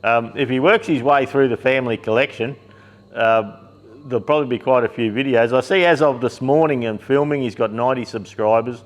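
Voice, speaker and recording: A man's voice: mid-range voice, fairly quick. Casual Australian bloke, middle-aged, shop owner rambling to camera in his shed; blokey, loose, plenty of fillers. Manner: rambling and blokey, with filler words, laughs and mild swearing. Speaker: shop owner and YouTube host. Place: workshop shed.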